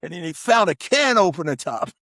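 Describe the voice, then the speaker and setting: Animated, high-voiced older man. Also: vocal fry, no echo, clean studio sound. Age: 60s. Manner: animated, acts out quotes, speeds up and slows down. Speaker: guest, veteran hip hop artist. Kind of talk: heartfelt storytelling in conversation.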